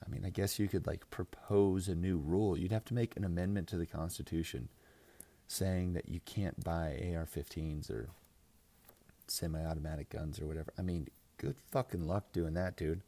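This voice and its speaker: A man's voice: sits low, steady tone, normal speed, gravelly, dark tone. A young man hosting a fantasy football podcast, ranting casually with crude jokes, swearing and lots of filler words. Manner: crude, joking, mocking, frequent laughs and filler "like"; mimics others in exaggerated voices. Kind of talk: casual profane podcast rant.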